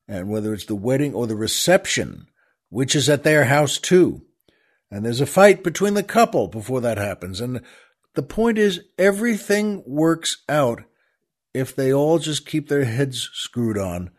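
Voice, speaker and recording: A man's voice: mid-range voice, big pitch swings, unhurried. A middle-aged man hosting a show, talking in a casual comedic monologue that turns into exasperated, joking rants. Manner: ranting, exasperated, jokey. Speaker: show host.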